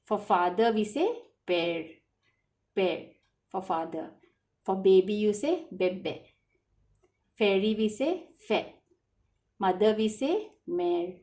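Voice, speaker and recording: A woman teaching a French lesson to children, asking simple questions and then answering them herself, slowly and with a lot of repetition. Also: mid-range voice, expressive, mellow. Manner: slow, repetitive, asks then answers her own questions. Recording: echoey room.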